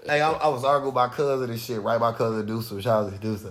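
A young man in casual chat, loose and animated, telling stories full of slang. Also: mid-range voice, quick pace, hardly any pauses, crowd noise.

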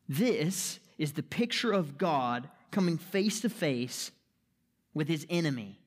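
A man preaching a sermon as pastor, emphatic, posing rhetorical questions and checking in with the listeners. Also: high-pitched. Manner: checks in with "right?" and "okay?".

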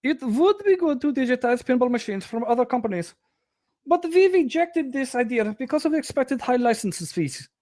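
A man voicing a male game developer in a mock German accent, reading answers in halting broken English. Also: extremely high pitch, sing-song, a little mellow, voice pushed up. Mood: earnest.

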